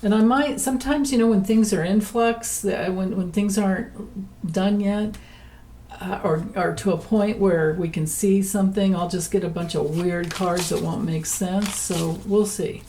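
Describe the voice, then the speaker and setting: Woman tarot reader, rambling chatty delivery, mellow tone, light laughs. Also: medium pitch, steady tone, a little slow, slight background noise, low-quality recording. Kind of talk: casual political tarot reading.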